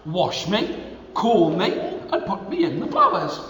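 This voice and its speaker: A man's voice: high voice, huge pitch swings, measured pace, far from the mic, exaggerated voice. A man chanting as magical golden heads. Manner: sing-song, chanting, pleading. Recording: echoey hall, faint room noise.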